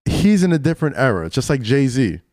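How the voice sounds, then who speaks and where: Animated, argumentative man in casual debate. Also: medium pitch, a little fast, no room sound, clean studio sound. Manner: animated, argumentative, restarts often.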